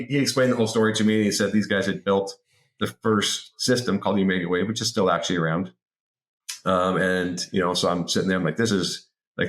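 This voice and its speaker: A man in his forties telling an anecdote as a podcast guest in a lively, casual way, often repeating words. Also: lowish voice. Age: 40s. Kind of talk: casual interview storytelling. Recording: roomy echo.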